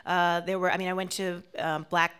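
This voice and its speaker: Talkative, animated woman guest. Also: lowish voice, fairly quick, smooth. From Washington, D.C. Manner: animated, talkative, with frequent "you know" fillers. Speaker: performer and guest. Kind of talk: radio interview.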